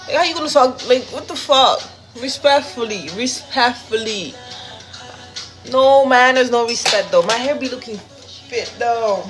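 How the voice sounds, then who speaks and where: Woman, fairly high voice, blunt, chatty, profane, livestream chat, phone mic, echoey room, loud music behind. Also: unhurried. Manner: blunt, chatty and profane, talks straight to viewers. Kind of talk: casual livestream chat while cooking.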